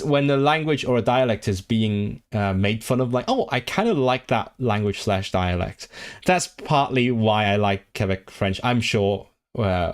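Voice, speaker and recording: A man hosting a casual language-learning livestream. He rambles and restarts often, reads viewers' chat messages aloud, and talks eagerly about languages. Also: medium pitch. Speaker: language streamer.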